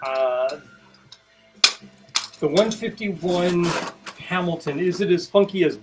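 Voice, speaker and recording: A man's voice: high voice, slow pace, loud music behind the voice. A man hosting a casual live stream, chatting and explaining while he mixes cocktails, with wry asides. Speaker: host mixing cocktails.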